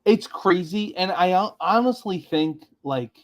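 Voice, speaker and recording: A man with a slightly raised pitch talks through sports figures as a podcast co-host. He is analytical but halting, restarting his sentences as he thinks aloud. The tone stays casual. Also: animated.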